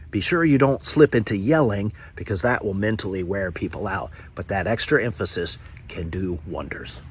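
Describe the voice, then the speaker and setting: A man teaching as a corporate trainer, talking to the camera and stressing key words with deliberate pauses. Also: lowish voice, breathy edge. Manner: emphatic, varies volume and pauses for effect. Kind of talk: instructional talk to camera.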